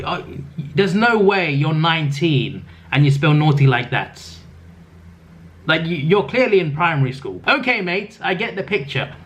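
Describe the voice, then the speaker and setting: A man's voice: on the high side, fairly bright tone. Exasperated young Aussie man. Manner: exasperated, mocking, lectures with rising emphasis. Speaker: YouTuber reading comments. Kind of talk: sarcastic comment-reading commentary.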